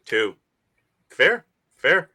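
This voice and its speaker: A man's voice: a little high, sing-song, very slow, bright, forceful tone. A man hosting a casual panel chat, laughing often and filling his talk with "like". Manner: laughing, filler-heavy with many "like"s. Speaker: show host.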